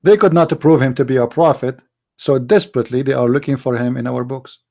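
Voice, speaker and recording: A brisk man with a medium-pitched voice that is both creaky and mellow hosts a live online call-in debate. His non-native English is heated, and he keeps hammering with rhetorical questions.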